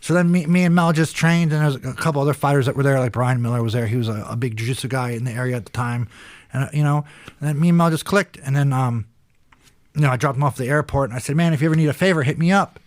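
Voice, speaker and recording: A retired kickboxer in his forties from Pennsylvania, USA, tells rambling, profane stories during a casual podcast interview. His medium-pitched voice has fairly even intonation and a rapid-fire delivery, with no echo.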